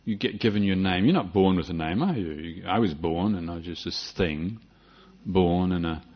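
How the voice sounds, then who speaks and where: This dull, lo-fi recording features an older Buddhist monk from New Zealand speaking at normal speed in a deep, breathy-edged voice. His dharma talk is reflective, marked by many restarts and a light, humorous touch.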